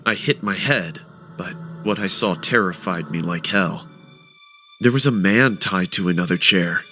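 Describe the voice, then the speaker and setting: A man narrating a first-person horror story with a dramatic, expressive delivery. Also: low-pitched, unhurried, soft background music.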